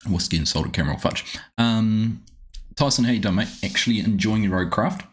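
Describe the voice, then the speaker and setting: A man with a New Zealand accent chats casually on a live game stream. His voice sits very low, and he rambles in a friendly way, greeting viewers one by one. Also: a little fast.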